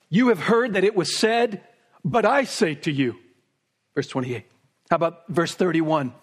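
A man preaching an expository sermon, speaking emphatically and building to forceful peaks on repeated phrases. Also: high voice, slightly rough.

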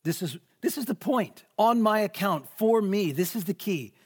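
Guy preaching a sermon, pretty high voice, earnest, drags out the big words to hit them hard. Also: animated, breathy edge. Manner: earnest, slows and stretches key phrases for emphasis.

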